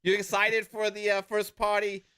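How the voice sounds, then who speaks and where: A man's voice: monotone, moderate pace, clear, resonant tone. A man voicing a brash, profane game-company executive hyping multiplayer, in a mock Australian-Jersey accent. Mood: salesy. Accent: mock Australian-Jersey mix. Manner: loud salesman pitch, profane.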